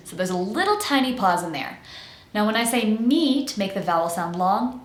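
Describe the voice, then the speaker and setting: A woman's voice: mid-range voice, very animated, moderate pace, reverberant. An American woman in the role of an accent coach, giving a pronunciation lesson and carefully articulating each sound.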